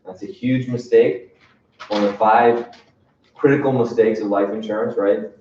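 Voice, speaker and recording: A man's voice: lowish voice, fairly even intonation, normal speed, a little mellow, slight background noise. A man leading a sales training session in an emphatic coaching manner, often checking in with "right?". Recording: distant, echoey room, dull sound.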